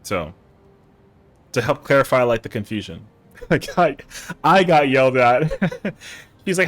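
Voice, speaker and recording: Speaking unhurriedly with long pauses, a man of medium pitch and lively intonation streams a game live over faint background music. He keeps up casual, joking chat laced with swearing and mock outrage, playfully indignant throughout.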